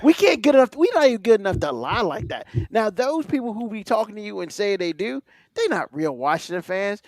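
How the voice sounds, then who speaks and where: A man's voice: high-pitched, sing-song, a little fast, dry recording, studio quality. A man co-hosting a casual sports podcast, ranting animatedly and swearing freely. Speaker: podcast co-host.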